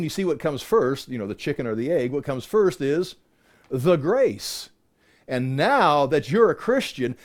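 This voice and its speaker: A man's voice: medium pitch, expressive, moderate pace, a little mellow. A man preaching a conversational Bible-teaching sermon, often repeating and restarting words and building to emphatic peaks. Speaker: pastor teaching a Bible passage.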